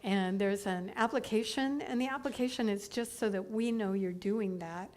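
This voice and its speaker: A woman's voice: medium pitch, normal speed, darkish tone. A middle-aged woman minister giving chatty, upbeat church announcements to her congregation, laughing now and then.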